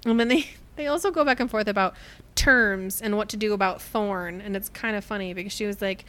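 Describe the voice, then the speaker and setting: A young woman with a somewhat high voice retells a book's plot in a casual podcast chat. She laughs often and slips into quoted lines as she goes. Her telling is loose and animated. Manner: animated storytelling, quick to laugh, acts out quotes. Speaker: podcast co-host. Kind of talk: casual book discussion.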